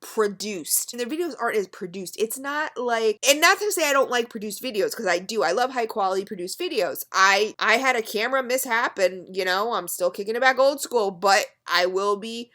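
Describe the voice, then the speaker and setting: A woman's voice: a little high, animated, moderate pace, few pauses, sharp tone. A woman in her thirties ranting frankly to her webcam at home, blunt and swearing freely. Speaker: beauty and vape vlogger. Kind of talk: unscripted webcam rant.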